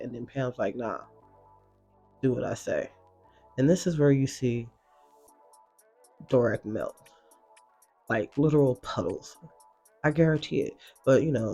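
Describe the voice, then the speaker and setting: A man hosting a casual reaction recap, talking in a slangy, expressive way and swearing freely. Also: medium pitch. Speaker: reaction video host.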